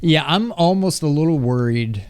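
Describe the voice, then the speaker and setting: A man's voice: a little high, expressive, normal speed, a little mellow, clean tone, dry recording. A man in his thirties co-hosting a gaming podcast, chatting casually and acting out moments with laughs. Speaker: podcast co-host. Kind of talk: casual chat.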